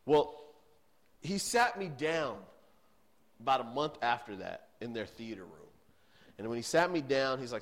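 Earnest pastor preaching. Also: male voice, mid-range voice, expressive, unhurried, pauses often. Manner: earnest storytelling, swinging between loud emphasis and hushed tones. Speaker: youth pastor. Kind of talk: sermon.

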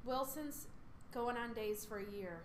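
A woman's voice: on the high side, a little slow, slight background noise. A woman co-hosting a casual podcast chat, making blunt, teasing remarks. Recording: echoey room.

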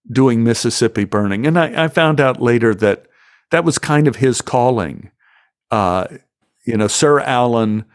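A man telling anecdotes from his acting career, emotional and animated. He restarts his sentences often and leans into the telling. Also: medium pitch. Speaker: actor guest. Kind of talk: anecdotal storytelling in an interview.

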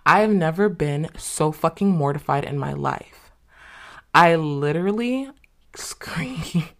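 Young woman, podcast host, low voice, casual candid storytelling, swears a lot. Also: lively intonation, a little slow, vocal fry. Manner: candid, swears freely, lots of fillers.

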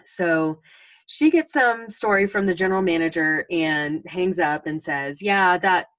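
A woman's voice: fairly low pitch, unhurried, a bit bright, no room sound. A woman in her forties hosting a podcast, telling a story in a casual, chatty way with many ums and restarts. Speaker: podcast host.

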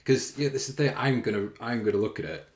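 A man's voice: mid-range voice, quick pace, darkish tone. A man, a fitness coach, hosting his own podcast as a casual, rambling, self-conscious monologue full of fillers and the odd swear word, filming himself indoors. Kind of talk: casual solo podcast chat. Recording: roomy echo.

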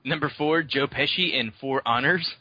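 Male podcast co-host, bright and husky, quippy and laughing, lo-fi dry sound. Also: medium pitch, dry recording. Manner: quick quips, laughs a lot, reads listener comments. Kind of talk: casual chat.

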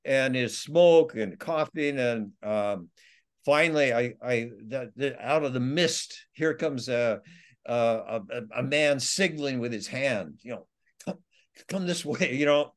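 A man's voice: mid-range voice, a little slow. A man, an author being interviewed, telling his survival stories in a rambling way with many restarts. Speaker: author and guest. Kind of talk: storytelling interview.

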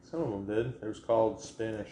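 A man with a New England accent trading dry, deadpan quips in a casual vlog chat. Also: on the low side, brisk. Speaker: vlogger's partner. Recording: echoey room with faint noise.

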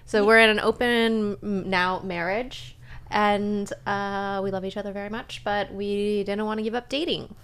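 Chatty woman cohost, smooth clear voice, laughs a lot, lots of "like". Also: medium pitch, steady tone, moderate pace, a bit bright. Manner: chatty, laughs easily, frequent "like" fillers. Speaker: podcast co-host. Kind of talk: casual chat.

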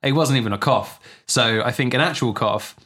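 A man's voice: medium pitch, moderate pace, a bit bright. A man co-hosting a comedy podcast, rambling through absurd jokes and swearing casually. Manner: rambling, absurd riffs with profanity. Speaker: podcast co-host. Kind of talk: comedic banter.

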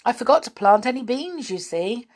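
A woman reading aloud, voicing a cheerful, hearty young man from a fairy tale in a high, gushing voice. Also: animated, moderate pace.

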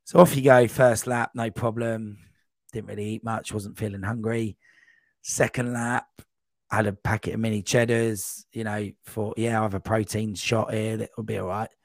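A man guest on a podcast, telling a long, rambling running anecdote in a casual, animated way. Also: lowish voice, normal speed, creaky, no echo. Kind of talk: casual storytelling.

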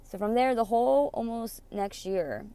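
A mother with a mellow, clean, somewhat high voice speaks at normal speed in a candid storytime monologue about her own life. Blunt and emotional, she curses freely and re-enacts the dialogue of other people.

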